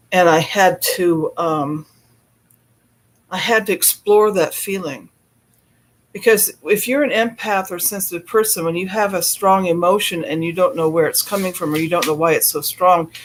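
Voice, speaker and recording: A man with a notably high voice talks loosely to his live stream audience. He laughs often and breaks off mid-thought to greet viewers in the chat before picking his story back up. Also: fairly bright tone.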